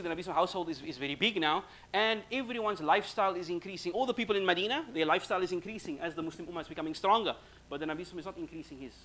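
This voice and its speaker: Guy giving a mosque lecture, talks fast and a bit high, acts out the stories. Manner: lively storyteller acting out quoted speech. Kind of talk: Ramadan lecture, storytelling.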